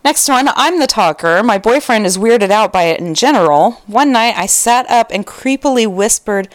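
Woman reading stories, lively pitch. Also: normal speed, few pauses, no room sound. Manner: amused, laughs often between stories. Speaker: podcast co-host. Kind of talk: casual reading of listener stories.

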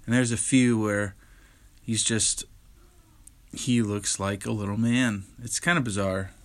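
A man's voice: on the low side, steady tone, unhurried. A young man hosting his own podcast, chatting casually and candidly about his week, tired and yawning, rambling with lots of fillers and restarts. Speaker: podcast host. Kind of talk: casual solo podcast chat.

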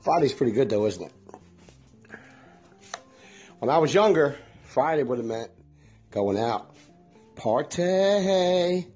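A man's voice: medium pitch, lively intonation, unhurried, long pauses, a little mellow, husky, faint music behind. A middle-aged man rambling in a folksy, chatty way, talking straight to his viewers in a casual monologue. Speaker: vlogger.

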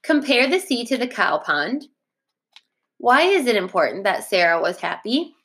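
A woman teacher reading a chapter book aloud to her class, in a steady, plain way that stops to correct its own slips. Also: a little high, normal speed.

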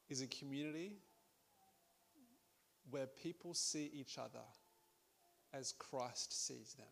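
A man's voice: mid-range voice, slow, creaky, long pauses, fairly bright tone. A man preaching a sermon in a conversational way, with laughing asides and frequent restarts.

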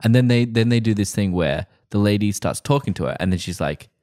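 A man's voice: lowish voice, lively intonation, brisk, warm tone, no room sound, studio quality. A man co-hosting a podcast, crudely and wryly recapping scenes in casual comedic chat. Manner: crude, wry, retelling scenes with quoted voices. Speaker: podcast co-host.

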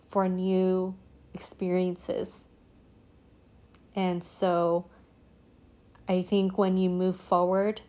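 Give me a woman hosting a solo podcast in an earnest, slow, low-pitched reflective ramble. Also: a little mellow. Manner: earnest, meandering, heavy on "you know" and "like". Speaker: podcast host.

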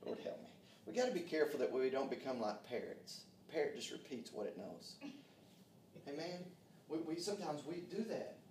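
A man's voice: fairly high pitch, sing-song, a little fast, darkish tone, slight background noise. A man preaching a sermon in a folksy, fervent way, with frequent amens. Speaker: pastor. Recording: roomy echo, distant from mic.

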